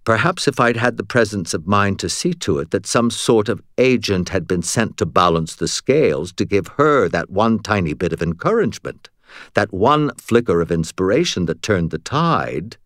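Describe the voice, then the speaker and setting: A man voicing a calm male archangel who speaks slowly and deliberately, with dry wit, in an audiobook reading. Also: fairly low pitch, dry recording. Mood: wry.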